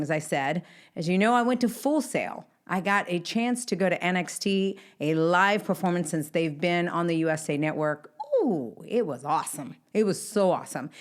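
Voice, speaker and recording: A middle-aged woman hosting her own podcast, talking upbeat and chatty straight to her listeners. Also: fairly low pitch. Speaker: podcast host. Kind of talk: casual solo podcast intro.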